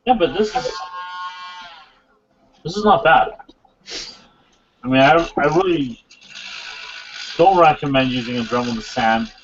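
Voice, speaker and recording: A man with a slightly high voice hosts a live building stream, chatting casually and joking with friends. He explains in halting bursts full of fillers. The audio is dull and lo-fi. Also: noisy background.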